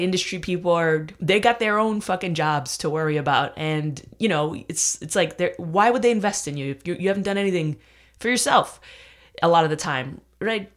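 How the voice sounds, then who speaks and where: A stand-up comedian talks alone on a podcast in a loose, rambling way, with plenty of swearing and many restarts mid-sentence. The voice sits at a middle pitch, neither high nor low. The tone is emphatic and self-mocking. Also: fairly bright tone. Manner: profane, rambling, with frequent restarts. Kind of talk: casual rambling podcast monologue.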